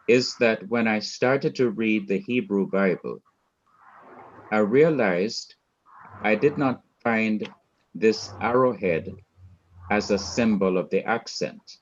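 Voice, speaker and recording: A man gives a classroom lecture in a low voice, moving at a very unhurried pace. He patiently repeats and rephrases each point. The sound is dull and lo-fi, like online class audio over a video call. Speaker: Hebrew teacher.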